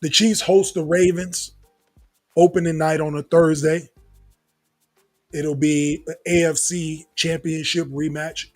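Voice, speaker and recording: Man, sports podcast host, husky voice, faint music behind, slangy and animated. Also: on the high side. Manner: animated, laughs often, slangy. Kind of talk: casual sports talk.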